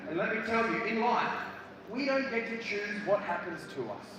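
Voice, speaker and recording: Lively man speaking in an echoey hall. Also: high voice, moderate pace, background noise. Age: 30s. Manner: animated storytelling, acts out voices and shouts. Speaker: motivational speaker. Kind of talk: live motivational speech with comic stories. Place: school hall, live before students. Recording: echoey school hall from far off. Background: hall ambience.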